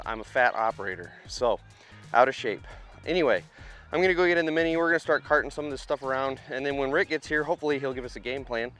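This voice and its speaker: A man's voice: medium pitch, quick pace, fairly bright tone, faint music behind. A man hosting a casual vlog as a heavy equipment operator, rambling and self-deprecating as he talks straight to his viewers outdoors at a yard worksite. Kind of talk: casual on-site vlog chat.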